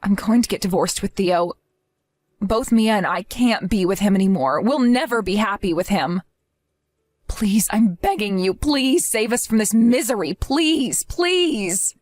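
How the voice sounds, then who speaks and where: A woman's voice: medium pitch, animated, unhurried, a little mellow, no echo, lightly acted. Exhausted young mother voiced by a woman, pleading and apologetic, dry close sound. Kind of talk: scripted story acting.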